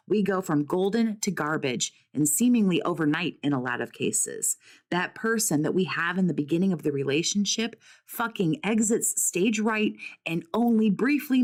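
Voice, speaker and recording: A woman speaking as a recovery coach about narcissistic abuse, blunt and profane, firing rhetorical questions and calling her listener "survivor.". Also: fairly low pitch. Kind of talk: direct-to-camera talk.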